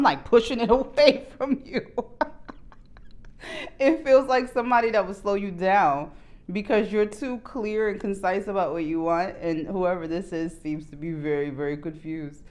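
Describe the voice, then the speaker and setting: A woman doing a casual tarot reading to her viewers, candid and profane, jumping between quiet low asides and loud excited outbursts. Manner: candid, swears freely, bursts into laughs. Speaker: tarot reader.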